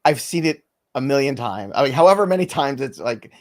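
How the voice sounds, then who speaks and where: A middle-aged man from New Jersey, hosting a podcast and bantering in a joking, lively way. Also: mid-range voice, fairly quick. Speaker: podcast host. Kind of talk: casual fantasy baseball chat.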